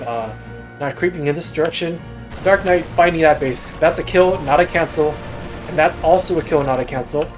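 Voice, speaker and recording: Casual man casting a strategy game. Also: fairly high pitch. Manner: casual, self-deprecating asides. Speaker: game caster. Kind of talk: solo esports replay commentary.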